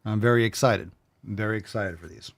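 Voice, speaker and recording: A man's voice: lowish voice, fairly quick. A man hosting a fitness show in casual livestream chat, brash and joking, swearing freely.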